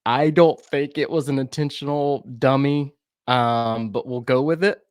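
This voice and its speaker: A man with a Southern US accent co-hosting a soccer podcast, breaking down match plays in a relaxed, rambling way with fillers and restarts. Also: medium pitch, measured pace, clean tone, dry recording, clean studio sound. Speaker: podcast co-host. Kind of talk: casual sports chat.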